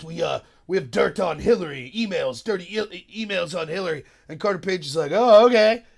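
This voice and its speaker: A man hosting a solo political commentary video, talking in an animated, sarcastic way and mocking the voices of the people he quotes. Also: sits high.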